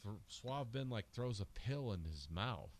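A man co-hosting a film podcast, rambling and joking, sometimes shouting out quoted lines. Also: on the low side, expressive, measured pace, a little hiss or hum. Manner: rambling, jokey, acts out lines in loud bursts. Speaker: podcast co-host. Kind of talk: casual film discussion.

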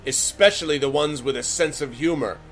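A man's voice: a little high, a little fast, a bit bright, faint music behind. A man voicing a haughty, mocking female giant leader in a tabletop game. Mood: menacing. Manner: scornful, threatening.

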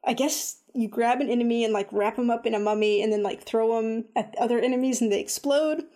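A woman chatting casually about a game she has been playing, full of "like" and "um", animated when she retells her own reactions. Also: fairly high pitch, a little fast. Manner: chatty, lots of fillers like "like" and "um". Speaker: video game reviewer. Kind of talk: casual chat.

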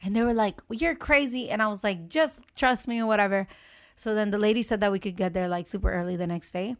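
A young woman in casual chat, telling a story with lively acted-out quotes and frequent swearing. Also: mid-range voice, fast talker. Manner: animated storytelling, acts out quotes, swears freely.

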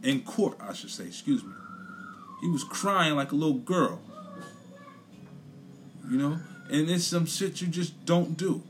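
A man's voice: on the high side, expressive, a little slow, long pauses, slight background noise. A young man gives a blunt, profane opinion rant in casual chat, repeating his points for emphasis. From Brooklyn, New York. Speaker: commentator.

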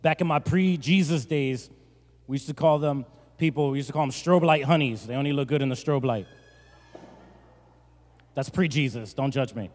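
A male pastor from New Jersey preaching a sermon, telling a joking story and rising to loud, emphatic bursts. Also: medium pitch, normal speed, pauses often. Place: large church hall. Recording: long church-hall reverb.

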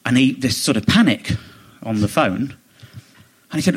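A man, a comedian guest on a chat podcast, telling an animated, indignant story and mimicking other people as he goes. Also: medium pitch, moderate pace, breathy edge. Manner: animated, indignant, quotes others in mock voices.

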